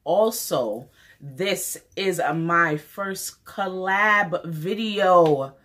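A woman's voice: fairly low pitch, extremely slow, fairly bright tone. Chatty New woman vlogger. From New York. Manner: enthusiastic, chatty, repeats phrases for emphasis. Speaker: beauty vlogger. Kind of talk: casual wig review vlog.

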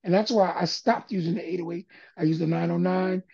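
A man's voice: high voice, fairly quick, vocal fry, breathy edge, muffled recording. An older man, a music producer and guest, telling stories in a casual interview and acting out other people's voices as he goes. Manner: animated storyteller, acts out quoted voices.

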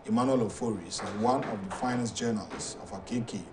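A man with a Ghanaian accent hosting a talk show, reading viewer messages aloud in a halting way with many fillers. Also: on the low side, distant mic, noisy background.

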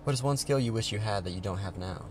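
A man interviewing a university president, asking quick, friendly questions. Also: fairly low pitch, a little mellow, a little hiss or hum. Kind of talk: casual interview.

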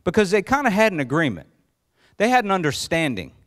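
A male pastor preaching a sermon in church, telling the story with lively acted-out voices and questions to the congregation. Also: brisk. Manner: acts out quoted voices with rising pitch.

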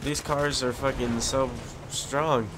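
A man commentating his own online shooter match, swearing constantly and quick to rage. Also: mid-range voice, steady tone. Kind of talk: casual gameplay commentary. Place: at home in front of a big TV. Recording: loud game gunfire and vehicle noise behind.

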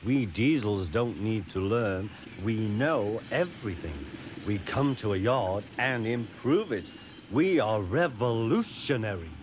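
Smug, oily diesel engine, a man voicing him for a children's cartoon; slow, smooth delivery. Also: on the low side, lively intonation, noisy background.

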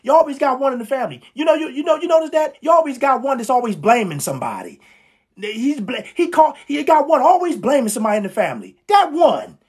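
A woman's voice: sits high, big pitch swings, fast talker, a little mellow, slightly rough. A woman preaching a live sermon, fervent and emphatic, repeating lines and calling out to her listeners in casual, slangy speech. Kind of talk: live-streamed street-style sermon.

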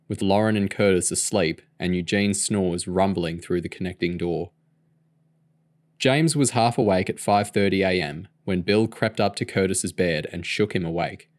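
A man reading a novel aloud for listeners. His voice sits on the low side and he keeps a steady, measured storytelling pace. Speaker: audiobook reader. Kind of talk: read-aloud narration.

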